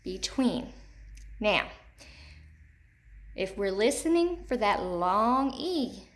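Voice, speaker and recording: Woman teacher, talks to young pupils, slow and clear, says each word more than once. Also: medium pitch. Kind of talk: recorded phonics lesson for children.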